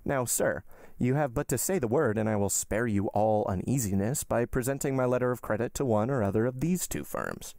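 A man reading aloud, voicing a suave, wealthy count who speaks in a smooth, unhurried, gentlemanly way. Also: mid-range voice, dry recording, studio quality, close to an everyday voice. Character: suave wealthy male count, cool and commanding. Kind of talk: audiobook reading.

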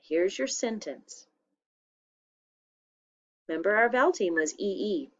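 A woman teacher dictates a spelling test for young children. She talks slowly and clearly, repeating each word and using it in a simple sentence. The recording sounds a little dull and lo-fi. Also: medium pitch, expressive.

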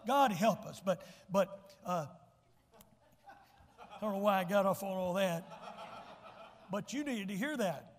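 A man's voice: high-pitched, a little slow, pauses often. A man preaching a sermon as pastor, folksy and emphatic, often repeating words as he restarts. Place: church sanctuary. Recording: church hall reverb.

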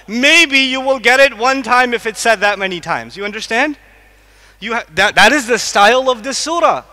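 High-voiced man lecturing in a hall. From United States. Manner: animated, asks the audience questions; recites Arabic verses quickly. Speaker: Islamic lecturer. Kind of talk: religious lecture to a live audience. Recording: long hall reverb.

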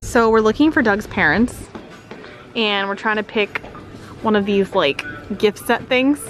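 A woman's voice: mid-range voice, unhurried, music in the background. A pregnant young woman hosting a casual vlog, chatty and giggly, filmed on a handheld camera in a car. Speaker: vlogger host. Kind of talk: casual chat.

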